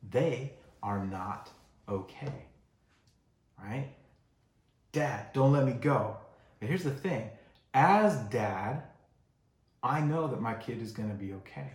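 A male pastor preaching a sermon in a relaxed, conversational way, acting out the voices he quotes. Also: mid-range voice, roomy sound. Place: church sanctuary.

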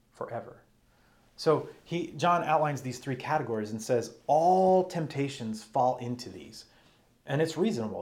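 Man, sermon teaching, reads verses then explains them, mid-pitched voice. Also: darkish tone. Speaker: preacher.

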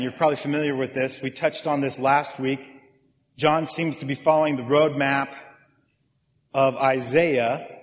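Conversational preacher in a reverberant hall. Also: male voice, fairly high pitch. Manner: conversational, checks in with listeners. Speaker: pastor. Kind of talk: sermon.

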